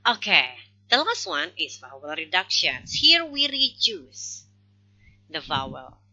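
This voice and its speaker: A woman lecturing on phonology at an unhurried pace, her voice very bright and lively in pitch. She talks things through step by step and keeps asking "okay?" to check that listeners follow. The sound is dull and lo-fi. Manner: slow explanatory, frequent "okay" check-ins. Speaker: phonology teacher. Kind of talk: recorded lecture. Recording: dull lo-fi recording.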